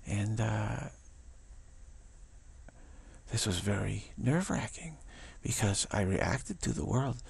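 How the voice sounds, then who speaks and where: A man giving a spiritual talk who speaks haltingly, stammers and repeats words, and chuckles at his own points. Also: lowish voice, animated, gravelly, slightly rough, no echo. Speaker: spiritual teacher.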